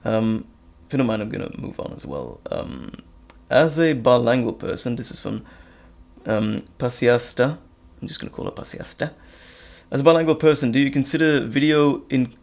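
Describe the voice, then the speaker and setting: A man's voice: medium pitch, vocal fry, a little mellow. A man hosting a casual live stream, reading chat questions aloud with frequent ums and hesitations. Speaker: live stream host and audio creator.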